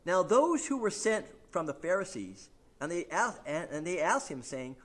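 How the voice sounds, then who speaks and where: A man's voice: high voice, big pitch swings, normal speed, hardly any pauses, a bit bright. A man teaching through a Bible passage in a conversational sermon, with many fillers and restarts, reading scripture aloud with emphasis. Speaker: preacher.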